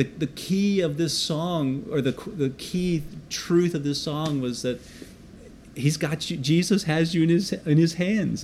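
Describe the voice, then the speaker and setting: Male pastor, animated sermon storyteller, faint background hum. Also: fairly high pitch. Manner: animated, self-deprecating, acts out dialogue.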